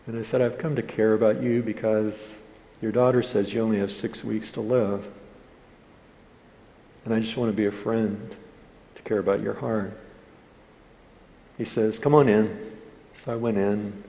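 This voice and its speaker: Gravelly low-voiced male pastor preaching. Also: little pitch movement, moderate pace, pauses often, warm tone. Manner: earnest storytelling, quoting others in dialogue. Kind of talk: sermon with a storytelling anecdote. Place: church hall. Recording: hall reverb with faint room noise.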